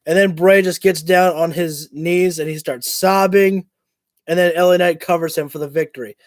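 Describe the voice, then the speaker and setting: A man hosting a livestream, giving casual, chatty play-by-play commentary on a wrestling show and getting excited and swearing now and then. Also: fairly high pitch, moderate pace, no room sound. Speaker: livestream host.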